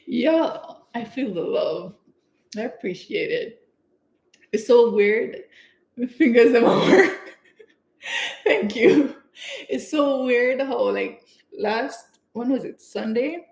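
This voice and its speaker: A young woman from Canada, chatting excitedly and giggling as she hosts her own livestream. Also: a little high, slow, long pauses. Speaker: livestream host. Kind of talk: casual livestream chat. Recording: echoey room.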